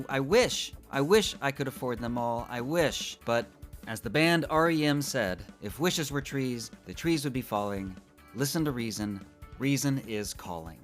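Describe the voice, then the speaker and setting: A man's voice: mid-range voice, a bit bright. A man hosting his own trivia podcast in a playful, theatrical manner, swinging from upbeat cheer to mock-sheepish asides. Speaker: podcast host. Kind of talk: solo comedic trivia podcast monologue.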